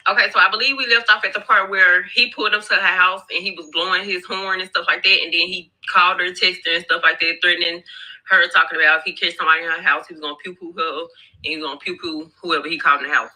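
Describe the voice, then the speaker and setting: A woman's voice: lowish voice, little pitch movement, fast talker, bright, forceful tone, poor audio. A woman telling a storytime to her followers, chatty, slangy and profane, often repeating herself. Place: at her workplace.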